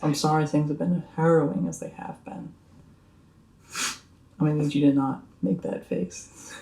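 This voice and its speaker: Gravelly earnest man player. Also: fairly high pitch, little pitch movement, moderate pace, warm tone. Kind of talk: in-character roleplay. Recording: echoey room.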